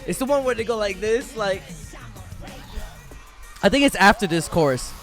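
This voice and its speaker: A man hosting a reaction video, hyped up and talking excitedly, often shouting and singing along. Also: sits high, normal speed. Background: faint concert music.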